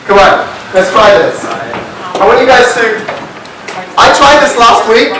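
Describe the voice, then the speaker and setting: A man telling a story to a live audience at a business workshop, animated and constantly checking in with "right?" as he asks the room questions. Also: high-pitched, unhurried. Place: hall with a seated audience. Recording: very echoey hall, mic far off, faint hiss.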